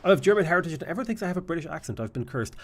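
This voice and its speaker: An Irish man commentating his strategy game live, his voice swinging widely up and down as he talks. He ribs his chat with quick teasing jokes between calm notes on his moves. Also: on the high side. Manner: joking banter with chat. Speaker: streamer.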